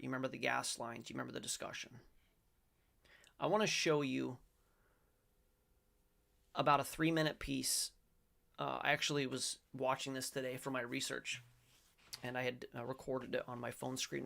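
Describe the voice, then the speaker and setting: A middle-aged man hosts a faith-based commentary, his voice deeply gravelly and full of fry. He rambles and corrects himself mid-sentence, then breaks into loud, emphatic bursts. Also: fairly even intonation, moderate pace, long pauses. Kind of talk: casual commentary, reading aloud and reacting.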